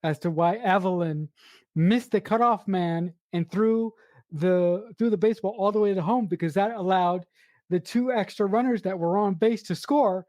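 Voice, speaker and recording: A woman's voice: medium pitch, normal speed, mellow, no echo. A woman co-hosting a casual movie review podcast, emphatic and blunt, restarting and swearing when she gets worked up. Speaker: podcast co-host.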